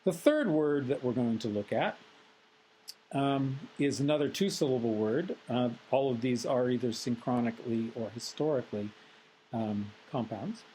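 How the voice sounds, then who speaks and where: Male lecturer, mid-pitched, measured and analytical, recorded lecture delivery with frequent pauses and fillers. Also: animated, dark tone, slight background noise, poor audio.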